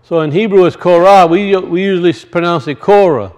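A man's voice: high voice, fairly even intonation, fast. A man teaching the weekly Torah portion as a sermon, earnest and repeating key phrases for his listeners. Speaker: Bible teacher.

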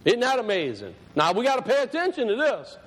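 A preacher delivers a sermon in a high, light, slightly bright voice whose pitch swoops wildly. He speaks conversationally and repeats phrases to drive them home, slowing down and lifting his voice whenever he reads scripture aloud, while long hall reverb trails behind him.

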